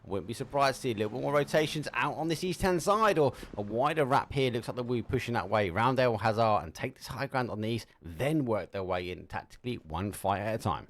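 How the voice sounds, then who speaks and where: A man with an Essex accent casting a live esports match, lively and jokey, calling people mate. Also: medium pitch, quick pace, few pauses. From England. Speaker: esports caster.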